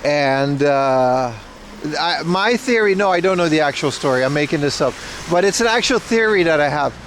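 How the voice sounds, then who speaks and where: A man's voice: fairly high pitch, animated, moderate pace, a bit bright. A young man hosting a casual live stream outdoors, chatting bluntly with profane, bro-ish banter. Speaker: livestream host. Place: outdoors on a city street. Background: faint street and traffic noise.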